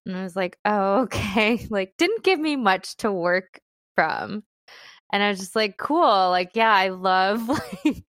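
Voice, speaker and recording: A woman's voice: mid-range voice, a bit bright, smooth, no echo, clean studio sound. A young woman telling a bad-date story in casual chat, filler-heavy and laughing often. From Philippines. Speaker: guest telling a dating story.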